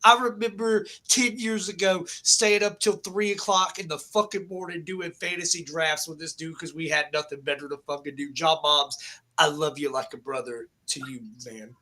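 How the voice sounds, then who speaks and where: A man co-hosting a livestream, tipsy, loud and swearing freely. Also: fairly high pitch, fairly even intonation, moderate pace. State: drunk. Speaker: co-host of a fantasy football stream. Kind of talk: casual livestream chat.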